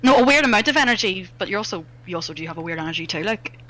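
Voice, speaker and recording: A woman's voice: medium pitch, animated, rapid-fire, fairly bright tone, rough recording. A woman with a West Belfast accent teasing friends in a casual chat while they game. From West Belfast, Northern Ireland. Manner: teasing, playful.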